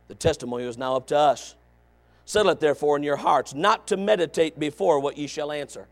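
A middle-aged male pastor, talking fast, preaches a revival sermon with an emphatic, repetitive cadence. He drops into low asides, then rises to shouted exhortation.

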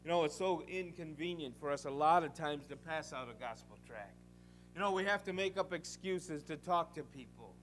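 An older man preaching a sermon, fervent and emphatic, mixing rhetorical questions and folksy stories, rising into loud exhortation and dropping to quieter asides. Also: fairly high pitch, moderate pace, soft background music.

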